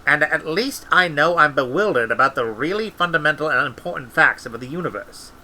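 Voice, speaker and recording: A man voicing a muddled, self-satisfied older wizard in a storybook reading, quiet and musing. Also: fairly high pitch, lively intonation, a little fast, rough recording. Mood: smug.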